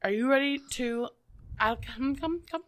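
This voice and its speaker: A young woman from the Midwest co-hosting a podcast, trading quick jokes and giggling through casual banter. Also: sits high, a bit bright, dry recording. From American Midwest. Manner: playful, jokey, giggly banter. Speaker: podcast co-host. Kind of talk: casual chat.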